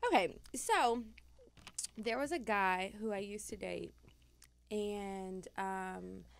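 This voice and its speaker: A young woman, co-hosting a podcast and telling a story in casual chat, animated and blunt, swearing freely. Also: medium pitch, slow, vocal fry, clean tone, dry recording. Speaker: podcast co-host.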